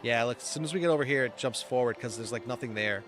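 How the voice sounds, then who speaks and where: A man's voice: medium pitch, fast talker, music in the background. A man chatting casually as he plays through a video game, easily amused and rambling. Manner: chatty, easily amused, wanders between thoughts. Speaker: game streamer. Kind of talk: casual gameplay commentary.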